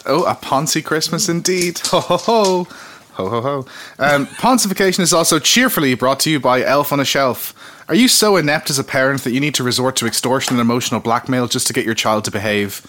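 A man co-hosting a comedic podcast, reading mock sponsor messages with a deadpan, sardonic delivery and frequent laughter. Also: medium pitch, fast talker, a little hiss or hum. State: slightly tipsy. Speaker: podcast co-host.

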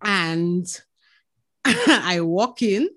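Podcast co-host, Saint Lucian woman, mid-pitched, animated storyteller who laughs a lot. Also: extremely slow. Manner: lively storyteller, laughs often, swears freely. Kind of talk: casual chat.

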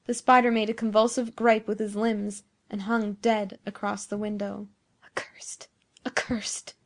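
A woman narrating a nineteenth-century story in a measured storytelling manner. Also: medium pitch, level tone. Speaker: audiobook narrator. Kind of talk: scripted narration.

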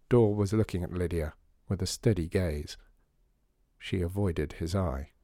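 Male storyteller, measured and expressive, mellow voice, dry booth. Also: low-pitched, no echo. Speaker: audiobook narrator. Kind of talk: scripted narration.

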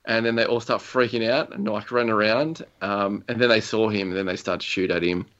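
A man's voice: on the low side, fairly even intonation, a little fast, fairly bright tone. A young man chatting casually about a video game, rambling through stories with lots of fillers and chuckles. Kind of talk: casual gaming chat. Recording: slightly dull lo-fi recording.

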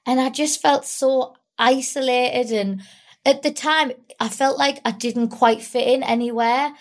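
A young woman with a slightly high voice speaks as an interview guest. She sounds tearful and candid, and she rambles through her story with lots of fillers. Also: fairly even intonation, unhurried. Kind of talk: emotional personal interview.

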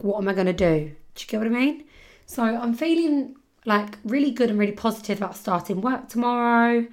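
A woman talks through a casual solo podcast catch-up. She rambles freely, fills her sentences with "like", and her voice carries a lingering sore throat at an everyday mid pitch. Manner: chatty, rambling, full of "like". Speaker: podcast host.

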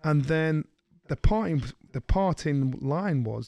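Middle-aged man, podcast co-host, fairly high voice on a dry close mic, animated storyteller who does the voices. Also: slow, vocal fry, dry recording. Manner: animated storyteller, slips into voices of people he quotes. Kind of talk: casual storytelling chat.

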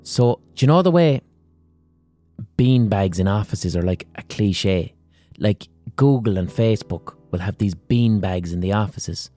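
An Irish man rambles through a profane comic monologue as a podcast host. His voice is low and mellow, with a relaxed warmth to it. He builds jokes with loose asides and blunt swearing. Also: a little slow, dry recording, faint music behind.

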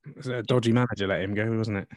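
A man's voice: lowish voice, fairly even intonation, very fast, no room sound. A man co-hosting a casual football chat, making dry quips and reading out listener questions. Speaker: podcast co-host.

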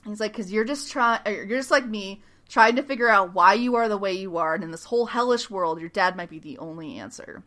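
A woman's voice: medium pitch, a little fast, few pauses. A woman hosting a podcast, casually recapping a TV episode and animatedly acting out quoted lines. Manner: animated retelling, acting out quotes with frequent laughs. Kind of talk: casual chat.

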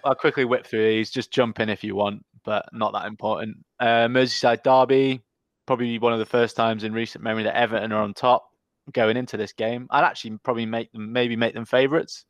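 A man's voice: medium pitch, fairly even intonation, fairly quick, no room sound. A young man hosting a casual football podcast, blunt and sweary, calling people mate. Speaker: podcast host.

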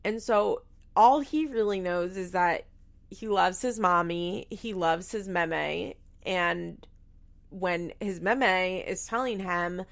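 Young female recap host with a gravelly edge, talking frankly and casually. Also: on the low side, slow pace. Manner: frank, swears freely, many "like"s. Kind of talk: casual opinionated commentary.

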